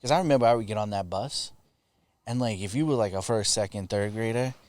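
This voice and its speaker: A man's voice: fairly low pitch, fairly quick, a little mellow, no echo. A man hosting a casual podcast chat, telling rambling childhood stories with swearing and laughter. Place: studio in Los Angeles.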